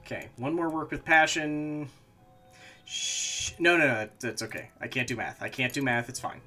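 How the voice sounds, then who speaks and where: Bright and forceful, this man's mid-range voice moves at a moderate pace as faint music plays underneath. He's a game streamer narrating casually to himself, with occasional frustrated, expletive-laden outbursts.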